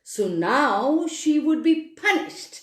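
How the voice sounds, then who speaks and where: Woman storyteller, slightly high voice, unhurried expressive reading, echoey room. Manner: expressive, animated reading with sound effects. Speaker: children's storyteller. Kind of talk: reading a children's story aloud.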